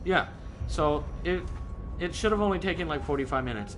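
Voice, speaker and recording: A man telling a story in casual chat with friends, animated and swearing, often laughing and acting out people's voices. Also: fairly high pitch, a little fast. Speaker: streamer. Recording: faint background noise.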